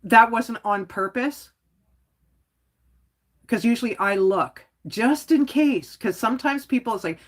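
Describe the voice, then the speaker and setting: A woman holding forth on her own livestream in a mid-pitched voice. She talks bluntly and rambles, filling her speech with "like." She chuckles now and then as she goes. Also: animated, a little slow. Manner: outspoken, rambling, frequent "like". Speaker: livestream host. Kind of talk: casual livestream rant.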